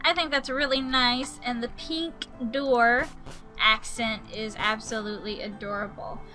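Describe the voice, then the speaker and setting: A young woman giving casual gameplay commentary, musing aloud as she builds and breaking into sudden excited outbursts. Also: on the high side, a little slow, soft background music, poor audio. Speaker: Let's Play gamer.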